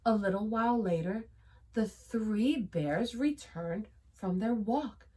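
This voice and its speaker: A woman teacher reading a storybook aloud to children, expressive, gasping and pausing. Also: medium pitch, slightly rough. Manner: expressive, with gasps and pauses. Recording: voice from a distance.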